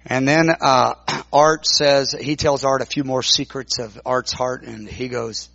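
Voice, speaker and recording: Gravelly-voiced man telling a sermon story. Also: mid-range voice, fairly even intonation, a bit bright, no echo, lo-fi sound. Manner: halting, repeats words while recounting dialogue. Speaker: preacher.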